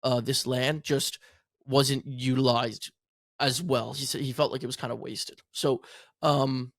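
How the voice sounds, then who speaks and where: A man's voice: mid-range voice, level tone, measured pace, vocal fry, a bit bright, dry recording, studio quality. A man co-hosting a podcast, chatting casually about esports and rambling through stories. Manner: rambling storytelling. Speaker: podcast co-host and content creator.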